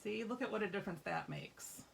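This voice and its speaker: A woman's voice: mid-range voice, huge pitch swings, a little fast, gravelly, slight background noise. A woman hosting a live craft demonstration, chatty and upbeat, reassuring viewers as she shows a stamping technique. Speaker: craft workshop host. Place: craft store classroom.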